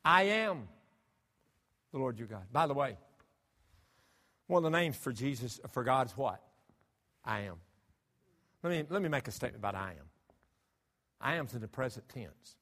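A man's voice: mid-range voice, expressive, moderate pace, long pauses, sharp tone. A man preaching a sermon, emphatic and full of rhetorical questions to his congregation. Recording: long hall reverb.

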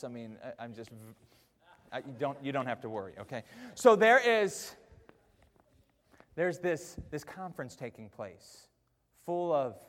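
A man preaching a sermon in a church auditorium, wearing a mic, chatty and self-mocking, swinging from quiet asides to shouted peaks. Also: medium pitch, long reverb tail. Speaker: pastor.

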